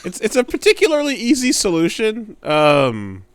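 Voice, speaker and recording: A man's voice: high-pitched, wildly swooping pitch, normal speed, clean tone, no room sound. A young adult man co-hosting a podcast in casual chat, dry and blunt, swearing freely. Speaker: podcast co-host. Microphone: studio podcast mic.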